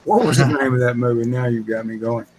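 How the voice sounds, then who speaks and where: A man taking part as a guest artist on a live drawing stream, talking in a rambling, halting way. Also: mid-range voice, fairly even intonation, darkish tone, low-quality recording. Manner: rambling, halting, searches for words. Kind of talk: casual livestream chat.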